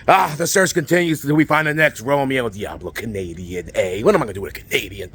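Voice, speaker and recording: A man cutting a brash, rambling comedic wrestling promo, full of fillers and sudden yells. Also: mid-range voice, expressive, quick pace, few pauses, a little hiss or hum.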